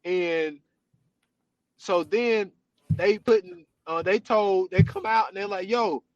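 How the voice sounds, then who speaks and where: Telling a story over casual, animated podcast chat, this male host keeps saying "you know what I'm saying". His voice runs fairly high and slow, and the close-miked recording sounds dry, deadened, and muffled, with no echo.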